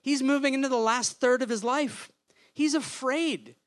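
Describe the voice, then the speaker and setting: A man's voice: very high-pitched, normal speed, a bit bright. A man preaching a sermon in a conversational, humorous way, often checking in with the listeners by asking "right?".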